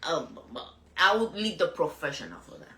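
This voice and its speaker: A woman's voice: sits low, big pitch swings, a little fast, bright, forceful tone, roomy sound. A woman with a Spanish accent co-hosting a casual chat, giggly and bawdy, switching between Spanish and English. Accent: Spanish-speaking. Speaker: co-host.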